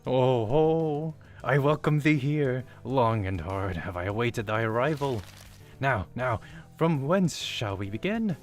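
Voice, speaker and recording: A man voicing an exuberant young female knight who speaks in drawn-out archaic phrases, in a fan reading of a game story. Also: medium pitch, faint music behind, pitched above the performer's own voice, lightly acted. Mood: eager. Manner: grandiose, drawn-out old-fashioned phrasing.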